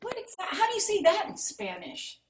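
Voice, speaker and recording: High-voiced woman, echoey and distant. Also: a little fast, gravelly. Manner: insistent, teasing, repeating herself. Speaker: improv performer. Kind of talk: improvised scene. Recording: echoey room, far from the mic, faint noise.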